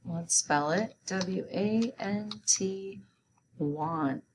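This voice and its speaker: A woman's voice: mid-range voice, drawn-out words, slight background noise. A woman teaching a spelling lesson, carefully sounding out words letter by letter and syllable by syllable.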